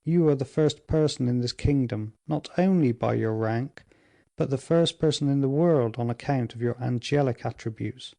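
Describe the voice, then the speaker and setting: A man's voice: medium pitch, moderate pace, vocal fry, mellow, lightly acted. A man reading the lines of a young lovesick duke who speaks eagerly and with passion. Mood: impassioned. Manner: eager and impassioned.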